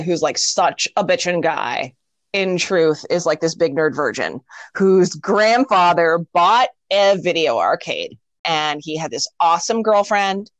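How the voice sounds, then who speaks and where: A woman co-hosting a podcast, recapping a movie in wry, animated casual chat. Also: on the low side, dry recording. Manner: animated, wry, acts out characters. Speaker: podcast co-host.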